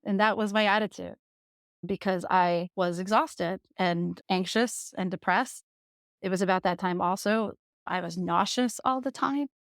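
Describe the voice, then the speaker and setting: A woman in her thirties from the Jersey Shore, a podcast guest candidly telling her own story with lively laughter. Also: medium pitch, unhurried, no room sound, studio quality. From Jersey Shore, USA.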